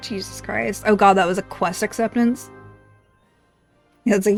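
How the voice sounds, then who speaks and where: A woman streaming a game, reacting in excitable, foul-mouthed casual commentary. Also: mid-range voice, a little slow, vocal fry, long pauses, faint music behind. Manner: excitable, swearing, laughing reactions.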